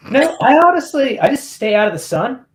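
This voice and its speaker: Lively-voiced joking male podcast host. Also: very high-pitched, a little fast. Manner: joking, steers back to topic. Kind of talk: casual banter on a live podcast.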